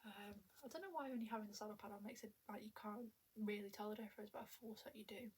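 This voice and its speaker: At medium pitch with a darkish, breathy tone, a young woman speaks at a quick pace. She rambles casually to her tablet camera indoors at home, making fun of herself, slightly out of breath and often half-whispering.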